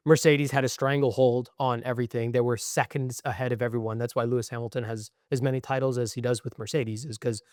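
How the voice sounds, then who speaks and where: A man's voice: medium pitch, flat delivery, quick pace, few pauses, a little mellow, dry recording, studio quality. Profane, ranting young man. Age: young adult. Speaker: podcast co-host. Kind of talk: casual chat.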